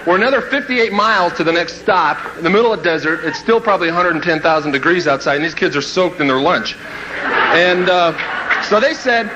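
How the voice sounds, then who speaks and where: A man telling a comic personal story to a live audience, playful and lively, breaking into shouts and laughter. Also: a little high, brisk, background noise. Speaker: motivational speaker.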